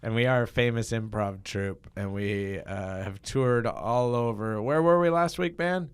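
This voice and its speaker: A man's voice: mid-range voice, a little slow, clean tone. A man hosting a comedy podcast, joking and rambling, laughing often before an improv scene. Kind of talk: casual comedy chat.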